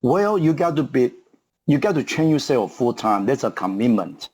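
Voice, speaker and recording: Halting man in his fifties, English. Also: medium pitch, big pitch swings, darkish tone, slightly rough. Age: 50s. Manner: halting, searches for English words with many fillers and restarts. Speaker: guest, martial arts coach. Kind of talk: podcast interview.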